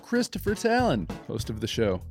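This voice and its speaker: A man's voice: mid-range voice, huge pitch swings, moderate pace, gravelly, soft background music. A man hosting a podcast, introducing the episode and reading sponsor ads in an enthusiastic, chatty way. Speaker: podcast host.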